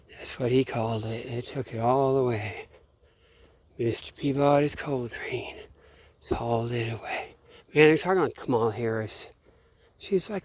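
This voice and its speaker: A man thinking out loud on a night walk outdoors, swearing often and stopping to grope for names as he meanders from one point to the next. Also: medium pitch, a little hiss or hum. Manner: profane, meandering, searching aloud for names. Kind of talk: rambling late-night monologue.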